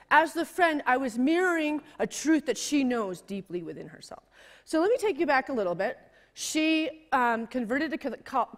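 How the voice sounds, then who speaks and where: A woman preaching from the pulpit, her voice a little higher than most. She tells a story with rising passion and then drops to quiet, intimate tones. Her words carry a long reverb through a church hall. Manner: emotional, building to high intensity and dropping to hushed tones. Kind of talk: sermon storytelling.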